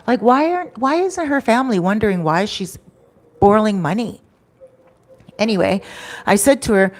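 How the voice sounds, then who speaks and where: A woman's voice: medium pitch, brisk. A woman telling a story to camera in a chatty vlog, acting out what people said, into a microphone. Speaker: storytime vlogger.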